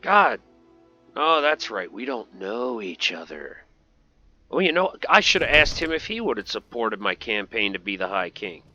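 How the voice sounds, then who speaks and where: Guy joking around over his game footage, bright punchy voice, kinda lo-fi mic. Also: mid-range voice, animated, normal speed, faint music behind. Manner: chatty and joking, talks to game characters. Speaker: gaming video host. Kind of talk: casual gameplay commentary.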